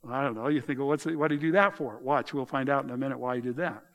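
A middle-aged man preaching a sermon, animated and often exclaiming with mocking asides. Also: medium pitch, fast. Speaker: pastor.

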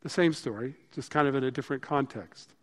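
A man preaching a sermon in a casual, conversational way, growing animated and then dropping to a hushed voice for emphasis. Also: mid-range voice, brisk, long reverb tail. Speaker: pastor.

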